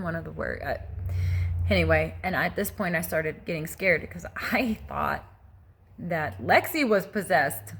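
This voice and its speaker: Gravelly husky woman telling a testimony. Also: lowish voice, fairly bright tone. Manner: earnest, halting, many restarts and asides. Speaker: testimony vlogger. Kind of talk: personal testimony, casual storytelling.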